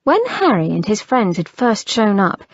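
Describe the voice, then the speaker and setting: A woman narrating an audiobook in a measured, unhurried reading, on a slightly muffled recording. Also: mid-range voice, big pitch swings, husky, dry recording.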